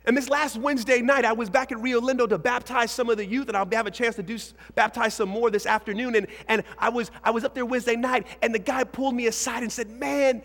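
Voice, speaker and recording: A man preaching a lively sermon to young people as a youth pastor, swinging between shouts and hushed asides. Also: very high voice, fast, hardly any pauses. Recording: hall reverb.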